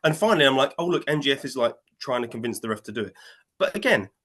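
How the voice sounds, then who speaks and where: A man's voice: mid-range voice, fast talker. Man retelling a wrestling match. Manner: animated storytelling, acting out quotes in shifting voices. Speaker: wrestling podcast co-host. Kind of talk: casual chat.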